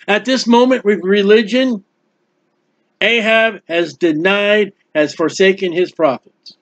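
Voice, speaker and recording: A man's voice: sits high, a little slow. A man preaching an expository Bible sermon, acting out the biblical characters and quoting scripture. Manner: animated, acts out biblical characters, quotes scripture. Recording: dull lo-fi recording.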